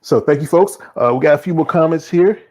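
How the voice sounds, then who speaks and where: A man from the American South with a Southern accent, hosting a casual show and talking fast with lots of fillers and restarts. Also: a little high, darkish tone. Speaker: show host. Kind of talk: casual solo show wrap-up.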